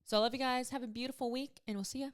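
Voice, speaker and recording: A woman's voice: sits high, steady tone, rapid-fire, a little hiss or hum. Tearful young woman podcast host. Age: 20s. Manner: emotional, tearful, rambling with many fillers. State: choked up. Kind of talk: casual solo podcast talk.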